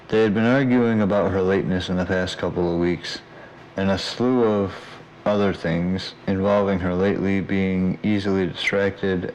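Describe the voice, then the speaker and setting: A man reading his own audiobook aloud in a steady, even way. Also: low voice, a little hiss or hum, poor audio. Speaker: audiobook narrator. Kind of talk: audiobook narration.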